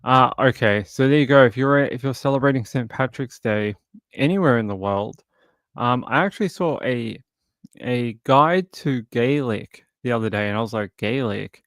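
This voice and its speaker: Male live-stream host, mid-pitched, dry close sound, loose joking banter. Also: moderate pace, a bit bright, no echo. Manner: joking, rambling, chats with viewers. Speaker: true crime livestream host. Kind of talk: casual live-stream chat.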